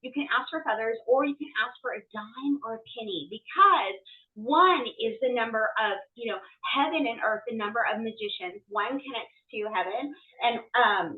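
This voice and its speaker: A bubbly woman with a high voice talks at length, full of "you know" and quick excited gasps. She sounds tinny, like she is on a phone line. She is also far from the mic in an echoey room. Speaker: guest medium. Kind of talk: casual podcast chat. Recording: tinny phone-like, roomy and distant.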